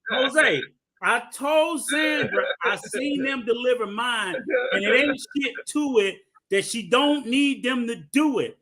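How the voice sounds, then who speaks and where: A man co-hosting a podcast, swearing a lot and telling animated stories in casual chat. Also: extremely high pitch, slow pace, a loud crowd. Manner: profane, animated storytelling. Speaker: podcast co-host.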